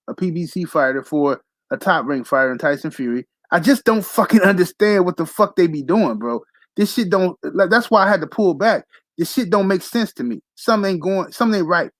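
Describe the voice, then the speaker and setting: A male boxing show host ranting on a casual livestream, animated and profane, piling up slang as he goes. His voice sits a bit high for a man and is recorded close and dry. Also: dry recording, low-quality recording.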